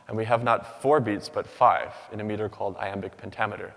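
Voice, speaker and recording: A man giving a rehearsed academic talk from a stage, with rhythmic, measured delivery and deliberate pauses. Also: lowish voice, gravelly. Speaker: doctoral student speaker. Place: large hall. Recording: long hall reverb.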